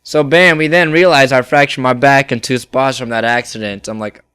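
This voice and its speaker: A man's voice: medium pitch, fairly even intonation, normal speed, a bit bright, clean tone. A young man co-hosting a casual podcast, telling stories in a laid-back, slangy way. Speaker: podcast co-host. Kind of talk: casual storytelling chat.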